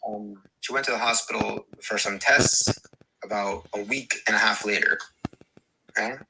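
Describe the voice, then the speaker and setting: Brief: low-pitched male guest, stumbling storyteller, hiss under the voice. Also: steady tone. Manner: halting, repeats words, many restarts. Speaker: podcast guest. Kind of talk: casual debate and personal story. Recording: clear background hiss.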